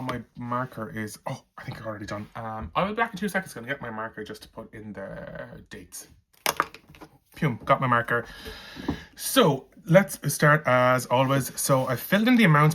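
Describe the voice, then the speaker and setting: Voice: medium pitch, a bit bright, slight background noise. A budgeting vlogger with an Irish accent, chatting casually at home while counting cash aloud into envelopes. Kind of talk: casual vlog chat.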